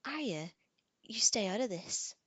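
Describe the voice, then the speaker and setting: Seorang perempuan menyuarakan gadis bangsawan muda yang cengeng dan mudah panik, berbicara melengking. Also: female voice, expressive, measured pace, a bit bright, breathy edge, no echo. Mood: shrieking. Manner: shrill, distressed. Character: young noble girl, prim and tearful.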